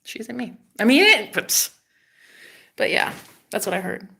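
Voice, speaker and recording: A woman telling a story to camera in a casual vlog, chatty and dramatic, with frequent swearing, her voice dropping to a hush and then rising loud. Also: medium pitch, big pitch swings, unhurried, vocal fry, background noise. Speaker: vlogger.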